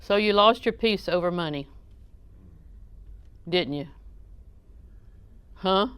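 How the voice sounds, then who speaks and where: A woman's voice: lowish voice, slow pace, a bit bright, smooth, dry recording. A woman preaching a sermon in a conversational, joking way, often questioning her audience.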